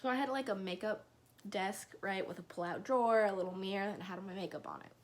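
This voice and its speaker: A young woman telling a personal story in a casual, rambling vlog, now and then dropping to a whisper. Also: mid-range voice. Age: young adult. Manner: slow, rambling, drops into whispers and laughs.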